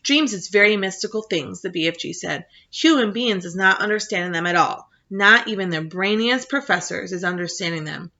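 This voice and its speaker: A woman's voice: medium pitch, normal speed, hardly any pauses, pushed and bright, highs cut off. A woman voicing a big, kindly male giant who speaks in homely, muddled grammar, read aloud from a storybook. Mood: musing.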